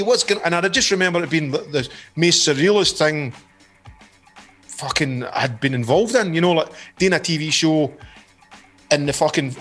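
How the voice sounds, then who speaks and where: Male singer, chatty storyteller, slightly high voice, light music bed. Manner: animated, swears a lot, acts out quotes. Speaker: band singer. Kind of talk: casual storytelling chat.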